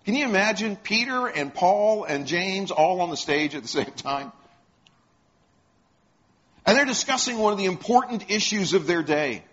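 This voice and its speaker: A man's voice: sits high, animated, moderate pace, fairly bright tone. A man preaching a sermon, retelling stories and putting questions to the congregation. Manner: storytelling, asks the congregation questions. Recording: dull lo-fi sound.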